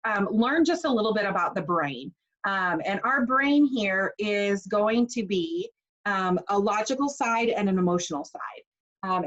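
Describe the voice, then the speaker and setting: A woman's voice: medium pitch, fairly bright tone, highs cut off. A woman in her forties teaching a casual online class, chatty and personal with plenty of fillers. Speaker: essential oils class teacher.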